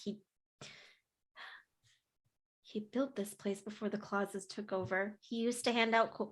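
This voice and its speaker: A woman voicing a bitter young woman villain who speaks in a hushed, low tone. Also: close to an everyday voice. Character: cold young woman villain claiming her grandfather's workshop.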